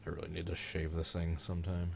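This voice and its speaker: A man's voice: deep voice, completely flat delivery, quick pace, creaky, noisy background. A young man hosting a live stream, chatting casually and joking in a rambling way.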